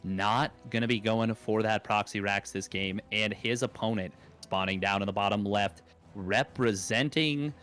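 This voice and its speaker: A man's voice: fairly low pitch, unhurried, a bit bright, faint music behind. A young adult man casting an esports match in a casual, rambling way, with jokes and many fillers. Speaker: esports caster. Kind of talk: casual play-by-play commentary.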